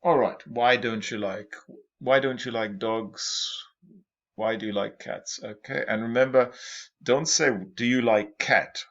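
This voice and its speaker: A man's voice: mid-range voice, unhurried. A man teaching an English class, patiently repeating example sentences and questions for his students. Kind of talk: classroom lesson explaining exam tips. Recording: dull lo-fi lecture recording.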